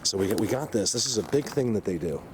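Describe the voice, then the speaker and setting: A man vlogging on a handheld camera outdoors in the woods, rambling excitedly and talking to his viewers. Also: on the low side, fast talker. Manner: excitable, rambling, addresses viewers as you guys. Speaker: Bigfoot hunter vlogger. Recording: noisy outdoor camera audio. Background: birds and outdoor ambience.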